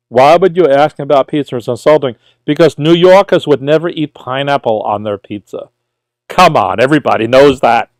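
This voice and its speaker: A man's voice: mid-range voice, darkish tone, no room sound. Chatty New York man hosting a livestream. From Brooklyn, New York. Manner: reads viewer questions aloud and answers chattily. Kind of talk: casual livestream Q&A.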